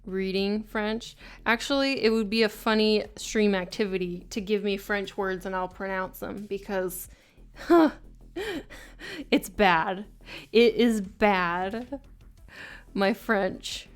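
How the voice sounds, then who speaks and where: A woman's voice: mid-range voice, takes it slowly, smooth. A woman streaming live as she draws, chatting casually with her viewers, laughing often and joking at her own expense. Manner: chatty, self-mocking, laughs often, drops to mutters. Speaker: art streamer. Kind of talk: casual live-stream chat while drawing.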